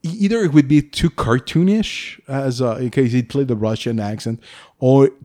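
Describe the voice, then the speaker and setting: Give me a mid-pitched man co-hosting a casual book chat, thinking out loud. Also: normal speed. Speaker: podcast co-host.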